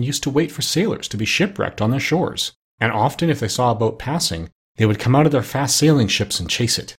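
Husky male storybook narrator. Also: medium pitch. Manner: steady, expressive read-aloud.

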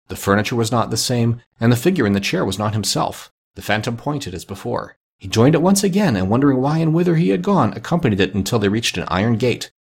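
Low gravelly male audiobook narrator. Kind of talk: audiobook reading of classic fiction.

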